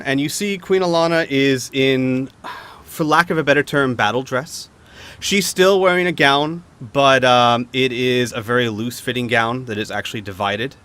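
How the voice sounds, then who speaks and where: A man's voice: medium pitch, fairly bright tone. A man narrating a tabletop role-playing game as game master, hesitant and full of ums and uhs.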